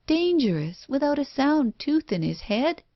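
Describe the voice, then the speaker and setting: A woman reading an audiobook, voicing an uneasy husband who speaks gently and coaxingly, on a dull lo-fi recording. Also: high-pitched, big pitch swings, a little slow, dry recording, voice pushed up, full character voice.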